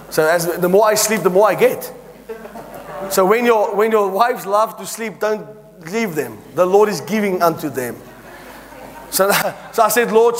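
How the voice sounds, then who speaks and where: A man's voice: high voice, big-room sound. A man preaching a sermon as he tells a story, acting out the dialogue with laughing asides.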